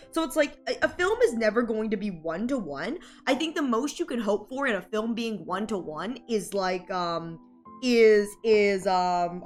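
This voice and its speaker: A woman streamer chatting casually with her viewers, rambling with lots of fillers and frequent giggles. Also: a little high. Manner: rambling, heavy "like" and "you know" fillers, giggly. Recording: faint music in the background.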